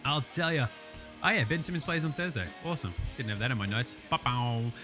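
A man's voice: medium pitch, lively intonation, brisk, sharp tone, soft background music. A young Australian man hosting a casual basketball podcast, rattling off stats with jokes, swearing and lots of fillers. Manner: profane, jokey and enthusiastic, with many fillers. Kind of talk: casual sports recap podcast.

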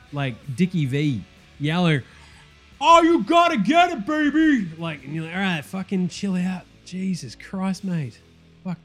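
An Australian man with a notably high voice rants through a comedic sports podcast. He is blunt, sweary and sarcastic, with faint guitar music playing underneath. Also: darkish tone. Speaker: host.

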